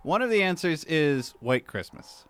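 A man reading trivia questions on a podcast in a relaxed, dry way. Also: on the high side, normal speed, clean tone, soft background music.

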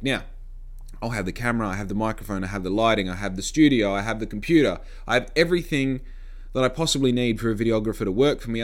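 A man casually vlogging to camera, blunt and sarcastic, swearing freely, recorded on a phone mic. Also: medium pitch. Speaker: podcaster and vlogger. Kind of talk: casual talking-to-camera vlog. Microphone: phone microphone.

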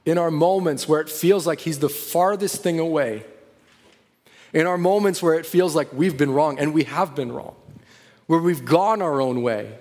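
A man preaching a sermon, telling a story dramatically and drawing quoted prayers out slowly, then building to emphatic preaching. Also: fairly high pitch, darkish tone. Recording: long echoing reverb of a large hall.

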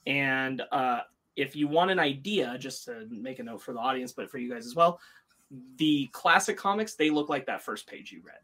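A man's voice: medium pitch, lively intonation, moderate pace, sharp tone. A man co-hosting a podcast, talking through a review in a casual, hesitant way with many ums and uhs. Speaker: podcast co-host.

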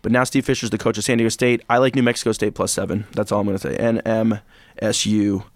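A man's voice: fairly low pitch, level tone, quick pace, no room sound. A man co-hosting a sports podcast, chatting casually and rambling through basketball picks and old stats. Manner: rambling, digressive, breaks into goofy impressions. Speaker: podcast co-host.

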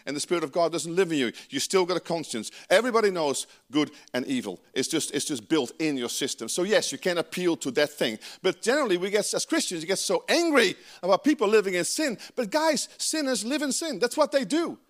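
A Dutch-accented man preaches a sermon in a lively, emphatic way. His voice sits high for a man and leaps up and down with every point. He talks straight to the congregation, breaking off into asides. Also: fairly quick, few pauses. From Netherlands. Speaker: pastor.

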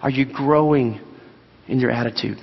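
A man's voice: medium pitch, normal speed, vocal fry, breathy edge. A man preaching a sermon as pastor, earnest and asking his listeners direct questions. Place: church sanctuary. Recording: dull sound, long hall reverb.

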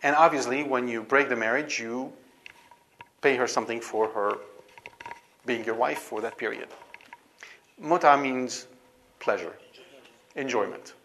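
A man's voice: medium pitch, measured pace, creaky, long pauses, a bit bright, slight background noise. A man giving a Bible study lecture to a class, emphatic and full of rhetorical questions.

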